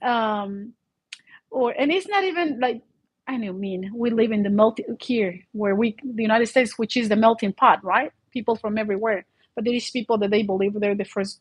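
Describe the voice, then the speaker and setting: A middle-aged woman with a foreign accent, English not her first language, telling her own story in an animated way, full of restarts and fillers. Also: a little high, no echo, rough recording. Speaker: vlogger. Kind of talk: personal storytelling.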